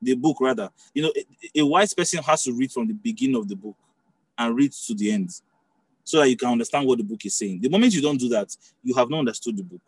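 Husky-voiced man teaching a sermon. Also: medium pitch, fast talker, no room sound, poor audio. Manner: conversational teaching with frequent restarts and checks on listeners. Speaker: preacher.

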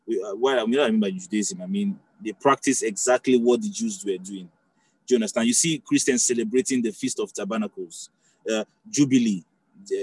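A man's voice: mid-range voice, dry recording, low-quality recording. A man preaching a sermon in a conversational teaching style, often restarting phrases and checking that listeners follow.

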